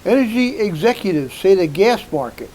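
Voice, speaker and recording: Male co-host with a high voice, casual headline reader, light background hiss. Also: lively intonation, normal speed, darkish tone, low-quality recording. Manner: reads headlines aloud, brief comments. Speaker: co-host and engineer. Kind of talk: casual news discussion. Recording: faint hiss.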